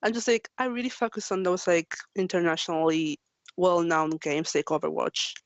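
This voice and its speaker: A woman's voice: lowish voice, fairly even intonation, normal speed, dry recording. Chatty woman, dry lo-fi. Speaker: interviewed gamer. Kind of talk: casual interview answer.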